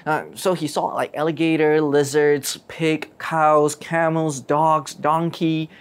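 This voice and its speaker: A storyteller retelling a Bible story in a lively way, asking rhetorical questions. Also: mid-range voice, takes it slowly, clear, resonant tone. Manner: lively, asks rhetorical questions, acts out quotes.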